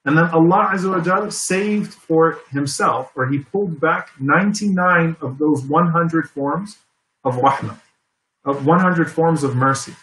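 A man's voice: fairly high pitch, measured pace, a bit bright. A man giving an earnest religious lecture as a preacher, repeating key phrases for emphasis. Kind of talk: Islamic lecture. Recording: echoey room.

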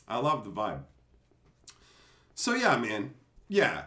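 A man's voice: mid-range voice, huge pitch swings, slow, long pauses, pushed and bright. A man hosting a stream, telling stories in a blunt, profane, fiery rant. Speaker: stream host and tournament organizer. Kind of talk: heated storytelling rant.

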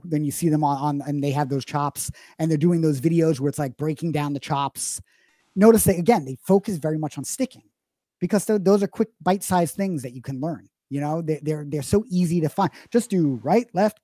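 A man's voice: a little high, a little mellow, no echo. A man explaining drumming as a teacher in a live online Q&A lesson, talking emphatically with frequent restarts. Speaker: drum teacher.

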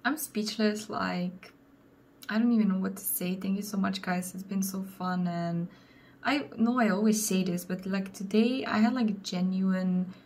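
A woman's voice: medium pitch, unhurried, darkish tone. A young woman streamer, a Slovenian native speaker, chatting casually to her viewers in a vlog, tired, with a sore throat. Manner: chatty and giggly, talks to her chat and camera. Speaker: streamer and vlogger.

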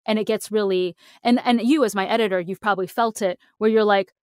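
A woman co-hosting a casual writing podcast, talking in an animated, emphatic way. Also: mid-range voice, a little fast, clean tone, no room sound, clean studio sound. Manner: animated, emphatic, acts out quoted reactions. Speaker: podcast co-host.

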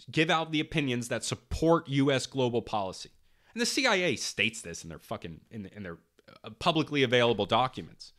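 A man's voice: mid-range voice, fairly bright tone. A young man hosting a podcast, delivering a heated political monologue, swearing often and repeating himself for emphasis. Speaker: podcast host.

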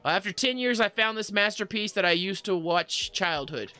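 Bright-voiced man in his thirties. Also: sits high, lively intonation, moderate pace, clear, resonant tone, faint music behind. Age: 30s. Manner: upbeat, laughs often, rattles off lists. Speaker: podcast co-host. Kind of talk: casual chat, reading viewer comments.

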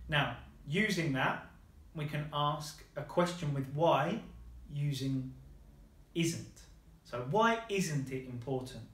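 A man's voice: on the high side, animated, slow pace, fairly bright tone, reverberant. A man teaching a lesson, patiently modelling phrases and praising his student's answers. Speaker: language teacher.

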